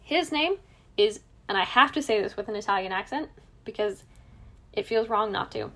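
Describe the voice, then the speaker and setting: A woman's voice: mid-range voice, expressive, moderate pace, bright, forceful tone. A woman co-hosting a true crime podcast, chatting casually, joking and laughing at her own asides. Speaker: podcast co-host.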